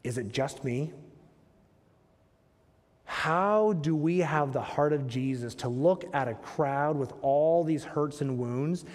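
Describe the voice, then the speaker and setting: A male pastor delivers a sermon in a church sanctuary, his fairly high voice trailing off into a long reverb. He keeps it conversational and often turns to the congregation with rhetorical questions.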